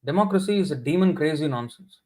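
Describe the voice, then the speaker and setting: A man's voice: a little high, animated, fast talker, darkish tone, rough recording. A man giving a sermon in an indignant, scolding, emphatic manner. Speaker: scripture class speaker.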